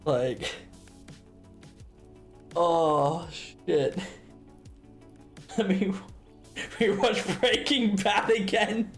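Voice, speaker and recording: Giggly woman streamer, slow delivery, very expressive pitch. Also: faint music behind. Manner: giggly, storytelling. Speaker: livestreamer. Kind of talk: casual stream chat.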